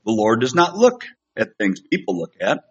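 Preacher, man, middle-aged, husky voice, easygoing self-deprecating delivery, muffled church recording. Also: medium pitch, wildly swooping pitch, moderate pace. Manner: conversational, self-deprecating, with many fillers and restarts. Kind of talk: sermon. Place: church sanctuary. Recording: slightly dull lo-fi sound.

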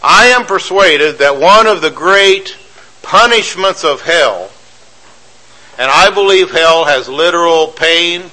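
Male pastor, sermon delivery, emphatic and repetitive, bright forceful tone. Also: on the high side, expressive, slow, low-quality recording. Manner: emphatic, repeats phrases for effect, rhetorical questions. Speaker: preacher.

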